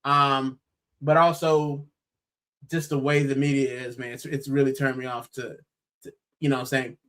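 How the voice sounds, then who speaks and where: A man's voice: medium pitch, normal speed. A young American man on a football podcast, talking animatedly in casual chat and saying bro a lot. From United States. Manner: animated, exclaiming, says bro often. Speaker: podcast co-host.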